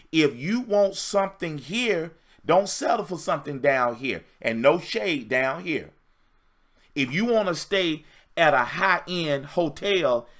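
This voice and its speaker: A man's voice: a little high, fairly bright tone. A man giving a livestream dating-coach talk, preacher-like, emphatic and repetitive with call and response.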